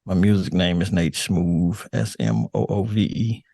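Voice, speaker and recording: An older man with a deep, calm radio voice, chatting casually as a podcast guest, relaxed and laughing, with halting restarts. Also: vocal fry, dry recording. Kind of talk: casual interview chat.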